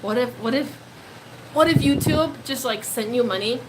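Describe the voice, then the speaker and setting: A woman in her twenties chatting casually on a live stream, excitable and gushing, often laughing, her voice a little worn. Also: a little high, moderate pace, noisy background. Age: 20s. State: slightly losing her voice. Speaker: pet-keeping live streamer. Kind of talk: casual live stream chat, reading comments.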